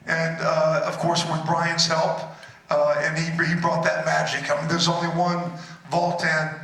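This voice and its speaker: A man talks casually and easily on a convention panel. His voice is high-pitched and heard from far off. It rings around a big echoing hall. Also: little pitch movement, unhurried, creaky, sharp tone.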